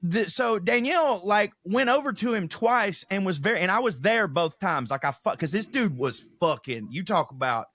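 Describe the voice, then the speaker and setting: A Southern-accented man co-hosts a podcast with a high, ringing voice. He tells stories in a casual, profane way and acts out the people in them. The sound is close and dry, with no room. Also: normal speed, few pauses, no echo. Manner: animated, profane, acts out quotes. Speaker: podcast co-host. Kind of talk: casual storytelling chat.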